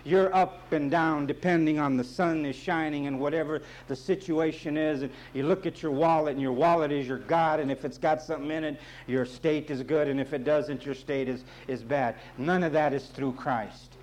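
A man's voice: a little high, fairly even intonation, moderate pace, few pauses, darkish tone. A man preaching as pastor, emphatic and repetitive, with folksy asides and jokes. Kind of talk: sermon.

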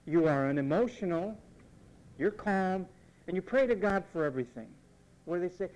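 A man preaching a sermon, emphatic and repetitive, mimicking what others say in quick asides. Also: sits high, animated, darkish tone, low-quality recording.

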